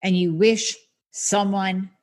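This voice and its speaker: A woman's voice: medium pitch, fairly even intonation, slow pace. Blunt, emphatic woman podcast host. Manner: emphatic, blunt, speaks straight to the listener with mild swearing. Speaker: podcast host and functional medicine practitioner. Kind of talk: solo podcast talk.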